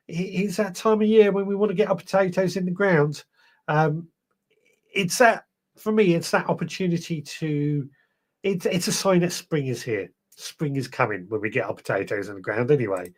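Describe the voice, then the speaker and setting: A man's voice: fairly high pitch, moderate pace. A man hosting a gardening live stream, chatting casually and greeting viewers one by one. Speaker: podcast host. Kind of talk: live stream chat reading viewer comments.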